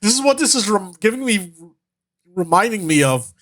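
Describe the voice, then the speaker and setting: A man talking in a lively, bouncing voice that sits a little high, rambling through casual reaction commentary as a vtuber. He laughs often, trips over his words and swears offhandedly. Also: moderate pace, slight background noise.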